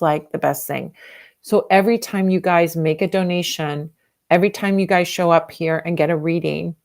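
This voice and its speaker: Earnest woman hosting a livestream, gravelly. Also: lowish voice, darkish tone. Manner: earnest, emotional and repetitive. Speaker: tarot reader hosting a livestream fundraiser. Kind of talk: casual livestream chat.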